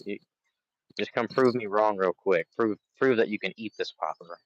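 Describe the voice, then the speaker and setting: A man with a lowish voice speaks at a moderate pace, and the recording has its highs cut off. He's chatting casually on a live fishing stream outdoors by the water, playfully taunting the fish he's trying to catch.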